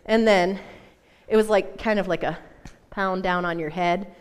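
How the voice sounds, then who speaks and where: A woman, around her thirties, giving a personal testimony in a church talk, telling it in a lively, self-mocking way with laughs. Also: mid-range voice, a little slow, smooth. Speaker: church speaker.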